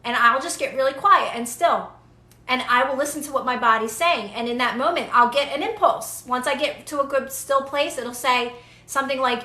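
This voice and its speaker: A woman's voice: high-pitched, moderate pace, bright, forceful tone, roomy sound. A young woman giving casual, earnest manifestation advice to viewers on a live stream, repeating phrases for emphasis.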